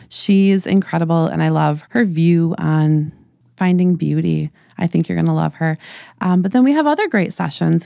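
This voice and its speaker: Gravelly-voiced upbeat woman podcaster. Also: lowish voice, mellow, no echo, clean studio sound. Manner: upbeat, enthusiastic, quick to laugh. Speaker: podcast co-host, ed-tech organizer. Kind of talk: casual podcast chat.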